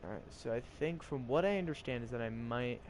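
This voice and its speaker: A man's voice: mid-range voice, a little fast, darkish tone. Young man, casual gameplay commentary, jokey, faint background hum. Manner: chatty, jokes in mock French lines, reads riddles aloud. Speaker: gameplay streamer.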